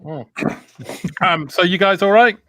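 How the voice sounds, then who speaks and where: A man's voice: high voice, fairly bright tone, dry recording. A British man co-hosting a casual video-call chat show, teasing and bantering. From Britain. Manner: jokey, teasing, quick banter. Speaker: podcast co-host.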